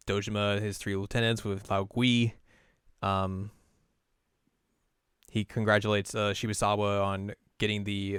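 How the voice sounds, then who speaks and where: Speaking in a low but fairly bright voice that is clear and resonant, this podcast co-host chats casually through a video game plot. He rambles, leaning on "like" and frequently starting over, and the studio sound is clean with no echo.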